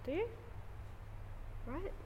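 A woman's voice: very slow, mellow. A woman talking to a yoga class, rambling and conversational, asking the class many tag questions before leading a guided relaxation. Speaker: yoga teacher. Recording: echoey studio with long reverb.

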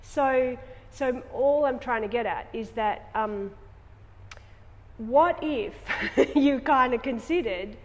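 In a long-reverb, echoey studio, a yoga instructor with a fairly high voice speaks slowly, rambling to the class and asking lots of tag questions ahead of a guided relaxation.

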